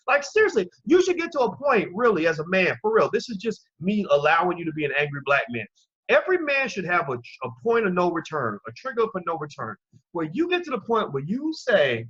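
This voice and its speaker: A man delivers fiery opinion commentary, preaching straight at his listeners. His voice is husky and a little breathy. The recording sounds dull and lo-fi. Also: sits high, huge pitch swings, a little fast, fairly bright tone. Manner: impassioned, preaching, direct address to listeners. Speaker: commentary channel host.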